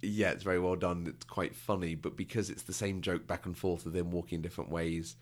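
A man's voice: low voice, flat delivery, brisk. A British man co-hosting a podcast, talking casually and often laughing. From Britain. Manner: chatty, laughs often, acts out quotes. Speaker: podcast co-host. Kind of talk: casual chat.

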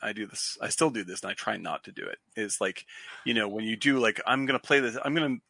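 Bright-voiced guy hosting a movie podcast, laughs at himself, trips over words a lot. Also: on the low side, fast, gravelly. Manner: animated, self-deprecating, laughing, stumbles and restarts. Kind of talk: casual chat about film.

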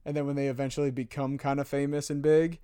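A man's voice: medium pitch, level tone, fast, dark tone, clean tone, no room sound, clean studio sound. Skeptical man in casual chat. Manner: skeptical, insists things are staged. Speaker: podcast co-host.

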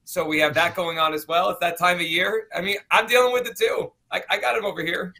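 A man's voice: high-pitched, steady tone, quick pace, creaky, sharp tone. A man hosting a daily sports betting show, opening it and chatting loosely with his co-hosts. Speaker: podcast host. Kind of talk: casual sports show chat.

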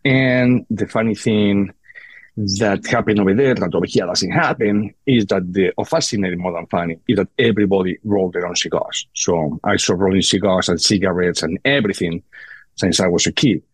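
Spanish guy with a low husky voice, chatting on a podcast, dry close sound. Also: dry recording. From Spain. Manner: halting, repeats words. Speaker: guest, cigar maker. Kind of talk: casual podcast interview.

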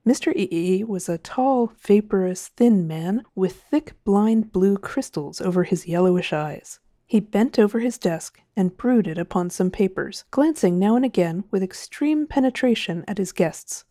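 Mellow, measured woman narrating a story. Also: mid-range voice, animated, no echo, clean studio sound. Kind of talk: audiobook narration.

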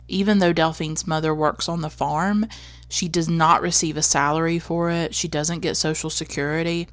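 A woman with a Southern US accent talks through a film she loves in a casual monologue. Her voice sits low with a gravelly edge, and the recording is dry and close. She speaks earnestly and with emphasis. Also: no room sound. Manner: earnest, emphatic, frequent "like" and "you know". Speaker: film reviewer.

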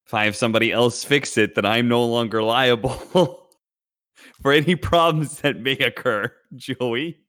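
A man's voice: mid-range voice, measured pace, fairly bright tone. A man co-hosting a casual chat, teasing and laughing easily.

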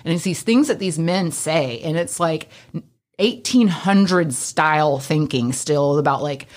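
Brief: young woman co-host, deep voice, rambling candid talk. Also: measured pace. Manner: candid, rambling, heavy on fillers. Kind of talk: casual chat.

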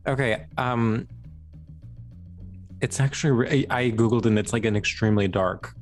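A man co-hosting a comedy podcast, animated and giggly, trailing off into fillers. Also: mid-range voice, moderate pace, soft background music. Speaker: podcast co-host. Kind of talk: casual comedic chat.

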